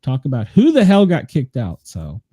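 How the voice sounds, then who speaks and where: A man's voice: mid-range voice, huge pitch swings, normal speed, dark tone, husky, dry recording, studio quality. An older man hosting a chat show, telling rambling stories and laughing often. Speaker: podcast host. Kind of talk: casual chat.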